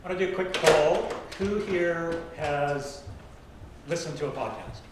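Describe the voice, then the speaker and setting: A man's voice: fairly high pitch, unhurried. Older Canadian man, very echoey room. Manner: chatty, anecdotal, self-deprecating, polls the audience. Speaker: podcasting workshop presenter. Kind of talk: public talk to an audience. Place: library event room with an audience. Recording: very echoey room, light background noise.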